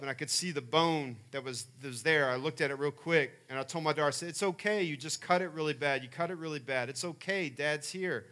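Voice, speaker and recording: A middle-aged man preaching a sermon, telling personal family stories and building to loud emphatic peaks. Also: medium pitch. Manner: animated storyteller, rising to loud emphatic peaks. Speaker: pastor.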